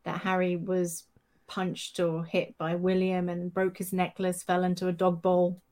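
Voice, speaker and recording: A woman's voice: on the low side, completely flat delivery, measured pace, darkish tone. A woman co-hosting a podcast in casual chat, wry and questioning, often pushing back. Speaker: podcast co-host.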